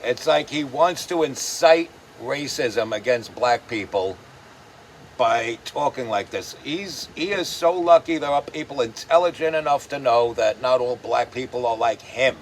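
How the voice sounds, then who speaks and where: A man's voice: mid-range voice, expressive, a little slow, a little hiss or hum. A man hosting his own show, delivering a profane, sarcastic ranting commentary. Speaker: host.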